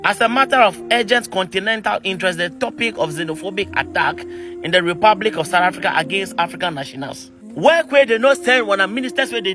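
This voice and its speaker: A man with a Ghanaian English accent giving exasperated opinionated commentary full of rhetorical questions and pidgin asides. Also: sits high.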